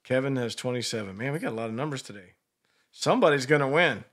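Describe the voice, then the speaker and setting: A man co-hosting a loose, casual radio show, joking crudely and swearing freely. His voice sits in an ordinary mid-range pitch. He sounds relaxed and irreverent as he banters on air. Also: fast.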